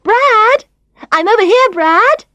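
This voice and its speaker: Storybook villainess: a woman doing a shrill, bored, mocking young woman. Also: sing-song, measured pace, dry recording. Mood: calling out. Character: haughty glamorous young woman, loud and mocking.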